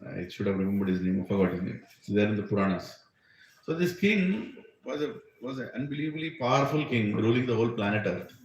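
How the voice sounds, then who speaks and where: A man's voice: lowish voice, expressive, fast talker, slight background noise. A man, a spiritual teacher who gives a conversational, story-filled sermon and keeps checking in with "right?". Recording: echoey room with faint ambience.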